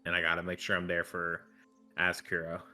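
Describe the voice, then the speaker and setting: Male player with a very deep yet sharp voice, eager and urgent. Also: completely flat delivery, brisk, faint music behind. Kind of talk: casual tabletop play.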